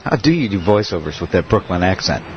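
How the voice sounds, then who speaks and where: A man plays a deep-voiced, serene mystic who speaks slowly and solemnly in a comedy radio play. The recording is a touch dull and muffled. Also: noisy background. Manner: slow, calm and solemn. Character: serene zen-spouting male polka mystic.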